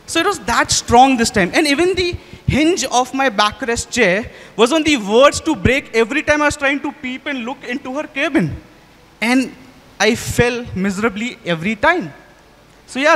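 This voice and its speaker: A young man performing a story live, chatty and animated, speaking straight to the audience and shifting his pace for effect. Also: extremely high pitch. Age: young adult. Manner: chatty, addresses the audience directly. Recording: hall reverb.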